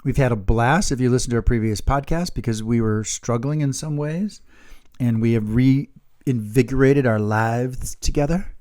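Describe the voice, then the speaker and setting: A playful, teasing man, co-hosting a relaxed podcast chat. His voice sits at an ordinary middle pitch for a man. He jokes around freely and often slips into silly put-on voices. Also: normal speed. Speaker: podcast co-host. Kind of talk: casual chat.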